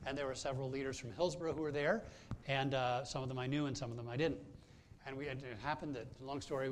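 Higher-voiced male pastor preaching conversationally. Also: slight background noise. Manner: conversational storytelling with frequent hesitations. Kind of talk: sermon.

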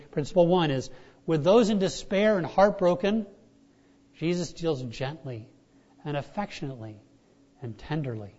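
Animated male pastor preaching on muffled audio. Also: fairly high pitch. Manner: animated, shifts from loud emphasis to soft hushed lines, with frequent restarts. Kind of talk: sermon.

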